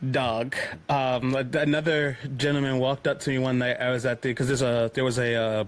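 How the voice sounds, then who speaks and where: A man's voice: medium pitch, moderate pace. A young man guesting on a podcast, telling jokey stories with lots of laughter. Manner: animated storyteller, laughs often, jokey. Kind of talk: casual chat.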